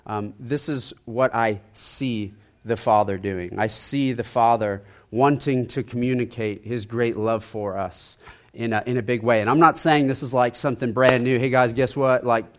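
A man preaching a conversational sermon, repeating phrases and dropping to soft emphasis. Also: mid-range voice, moderate pace. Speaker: pastor.

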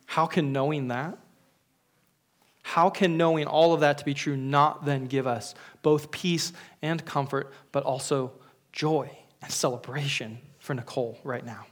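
A man giving a funeral sermon as pastor, earnest and searching, often restarting his words and sometimes dropping to a whisper. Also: medium pitch.

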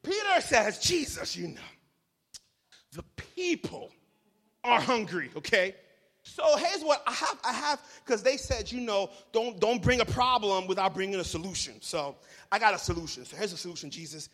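High, bright-voiced male preacher. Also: a little fast. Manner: animated storytelling with humor and voiced asides. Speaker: pastor. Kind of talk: sermon. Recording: large hall reverb.

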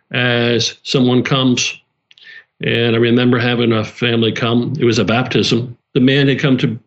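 A man's voice: mid-range voice, highs cut off. A man leading a small church, talking earnestly in casual conversation, repeating himself and restarting his phrases.

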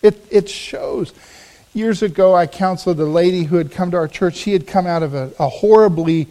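A man's voice: sits high, normal speed, dark tone. A man, a pastor, preaching a sermon, telling a personal story in an earnest, storytelling way with emphatic swells.

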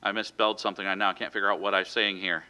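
A man's voice: sits low, little pitch movement, very fast, pushed and bright, clear, resonant tone. A man preaching a sermon in a conversational way, with frequent fillers and self-corrections. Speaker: pastor.

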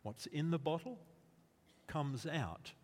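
A man preaching a sermon in a slow, deliberate way, rising to emphatic quotes. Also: on the high side, expressive, darkish tone. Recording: long reverb of a large hall.

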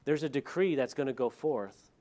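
A man's voice: mid-range voice, normal speed, mellow. Man preaching a conversational sermon. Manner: conversational, with joking asides. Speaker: pastor.

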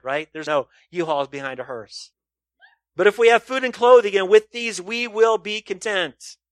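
A man delivering a sermon to his congregation, asking rhetorical questions and swinging between loud emphasis and quiet, low asides. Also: no echo, clean studio sound. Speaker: pastor.

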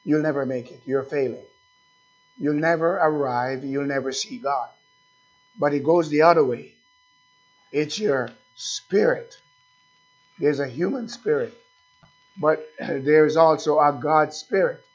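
A man preaching a sermon as pastor, speaking slowly and asking the congregation questions again and again. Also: fairly high pitch, highs cut off.

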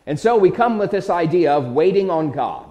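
A man preaching an earnest, conversational sermon as a pastor, asking his listeners rhetorical questions. His voice sits a little high for a man. It rings out with the long reverb of a church hall. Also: big pitch swings, normal speed, dark tone, dull audio.

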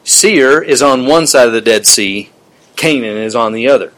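A man's voice: medium pitch, moderate pace. A man preaching a sermon, reading quotations aloud and adding chuckling asides. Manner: reads quotes aloud with warm asides and chuckles.

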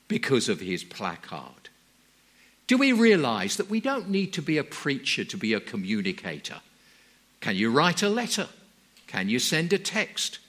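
Man, sermon, earnest storytelling, unhurried, animated pitch. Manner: earnest, measured storytelling with emphatic rises. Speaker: preacher.

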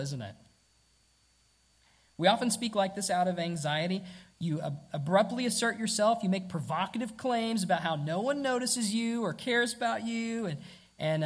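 A preacher delivering a sermon emphatically, asking rhetorical questions and repeating key words. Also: medium pitch.

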